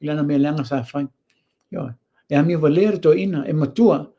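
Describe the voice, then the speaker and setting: A man's voice: a little high, fast, warm tone. A man with a Samoan accent hosting a show, giving blunt, opinionated commentary and mixing Samoan with English. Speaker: host. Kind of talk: casual commentary.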